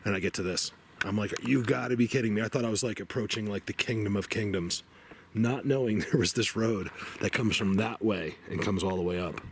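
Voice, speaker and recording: A man walking through a forest and talking to his camera, rambling and excitable with lots of fillers, a bit out of breath. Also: fairly low pitch, a little fast. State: slightly out of breath. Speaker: outdoor video blogger. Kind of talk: casual walking commentary. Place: outdoors in a forest. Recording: noisy outdoor field recording.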